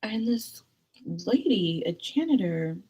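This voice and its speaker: A young woman vlogger telling a casual, rambling story to camera, animated and jumping into high excited squeals. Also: slow pace, husky.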